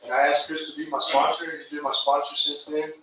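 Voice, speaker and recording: A man tells his own recovery story in an earnest, rambling way, full of casual slang. He sounds far from the microphone in a very echoey room. The recording is muffled and carries clear background noise. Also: fairly high pitch, little pitch movement, quick pace, pushed and bright. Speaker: recovery meeting speaker. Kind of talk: personal testimony.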